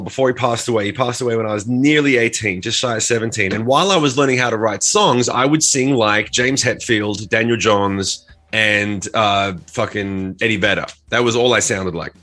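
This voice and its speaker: A man's voice: medium pitch, moderate pace, fairly bright tone. An Australian man co-hosting a podcast, telling long rambling stories in a casual chat and swearing freely. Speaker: podcast co-host.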